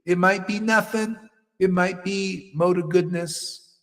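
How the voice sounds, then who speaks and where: A man's voice: high voice, fairly even intonation, takes it slowly, fairly bright tone, big-room sound. A man giving a devotional sermon as a spiritual teacher, preaching bluntly and emphatically with mocking asides.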